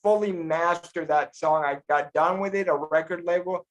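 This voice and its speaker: Higher-voiced man from Oklahoma. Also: steady tone, normal speed. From Tulsa, Oklahoma. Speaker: podcast co-host, musician. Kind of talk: casual livestream chat.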